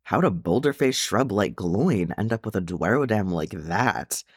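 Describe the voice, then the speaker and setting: A man's voice: fairly low pitch, lively intonation, measured pace, breathy edge, no room sound, studio quality. A man reading aloud and voicing a cheeky, blunt young male dwarf.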